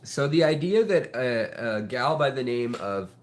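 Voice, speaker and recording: A man's voice: medium pitch, animated, unhurried. A man hosting an aquarium channel, chatting casually and rambling to the camera beside his fish tanks at home, with lots of fillers and jokes. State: out of breath.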